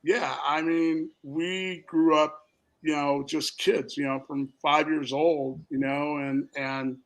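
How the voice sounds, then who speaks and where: A man's voice: fairly high pitch, flat delivery, takes it slowly, a bit bright, rough recording. A middle-aged man from Minnesota telling rambling stories as a guest on a talk show, acting out the voices of the people in them. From Minnesota, USA. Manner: rambling anecdotes, acts out quoted voices. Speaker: guest, spirits company founder. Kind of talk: casual storytelling.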